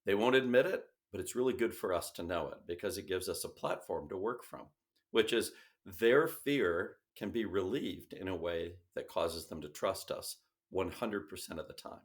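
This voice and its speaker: Middle-aged guy being interviewed, low voice that swings way up and down, animated storyteller acting out the dialogue. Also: moderate pace. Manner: animated storyteller, acts out quoted dialogue with big pitch jumps. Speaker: sales company founder, guest.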